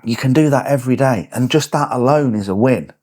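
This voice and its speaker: A man's voice: mid-range voice, fairly quick, a little mellow. A man hosting a podcast as a coach, giving a blunt, punchy motivational talk with swearing. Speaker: podcast host and fitness coach. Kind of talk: motivational monologue.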